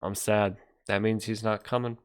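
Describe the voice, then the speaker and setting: A man's voice: on the low side, little pitch movement, normal speed, clear, resonant tone. A young man hosting a casual livestream, chatting loosely and reacting to viewer comments as he rambles. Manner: rambling, reacts to chat, trails off. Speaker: livestream host reading chat.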